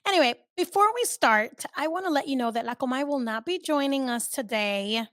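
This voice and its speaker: A woman's voice: high voice, brisk, no room sound, studio quality. Chatty, candid woman podcast host. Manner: candid and chatty, swears freely; animated, jumps between loud and soft. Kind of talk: casual solo podcast chat.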